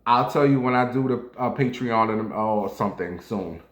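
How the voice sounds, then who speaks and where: A man's voice: mid-range voice, moderate pace, a bit bright. Chatty, profane man with a roomy echo. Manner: loose, chatty and profane, with sudden jumps up to playful squeals. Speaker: vlogger. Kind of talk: casual chat to viewers.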